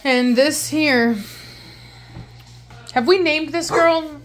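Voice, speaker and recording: A woman's voice: high voice, very slow, slight background noise. Chatty woman talking over puppies. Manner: chatty, coos baby talk at the puppies. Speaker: dog breeder and channel host. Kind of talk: casual vlog narration.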